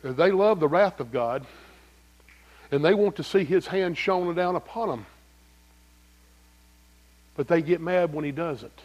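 Man, pastor, sermon, folksy, animated, high voice. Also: a little slow, pauses often, dull audio. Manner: folksy, animated preaching with rhetorical questions.

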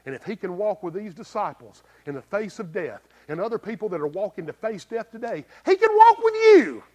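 Guy preaching a sermon, kinda high voice, gets loud then drops real quiet, folksy, asks the church questions. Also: lively intonation, a little fast. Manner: preaching with swings from loud emphatic bursts to low quiet lines; folksy, plain-spoken with rhetorical questions. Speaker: pastor.

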